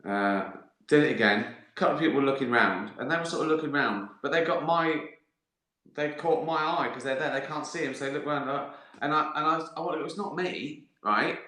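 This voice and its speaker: A middle-aged man talks through a casual livestream, rambling between stories and swearing freely. His voice is bright and forward, and it bounces around an echoey room. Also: a little high, brisk. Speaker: livestream host answering viewer questions. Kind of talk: casual chat.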